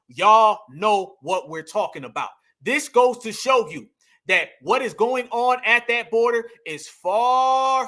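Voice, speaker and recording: A man's voice: high voice, pushed and bright. A man hosting a reaction commentary, talking emphatically and calling his viewers family. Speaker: commentary host.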